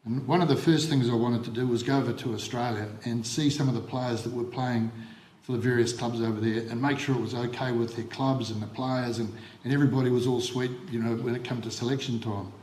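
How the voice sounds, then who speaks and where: An older man with a New Zealand accent, a former coach giving a funeral eulogy, halting with repeated words and ums. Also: medium pitch, fairly even intonation, darkish tone, a little hiss or hum. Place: funeral service hall. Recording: echoey hall on livestream.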